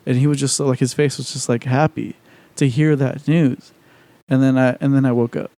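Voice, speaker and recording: A man's voice: medium pitch, fairly even intonation, fast, mellow, dry recording. A man co-hosting a podcast in casual chat, rambling with lots of profanity, fillers and restarts. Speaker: podcast co-host.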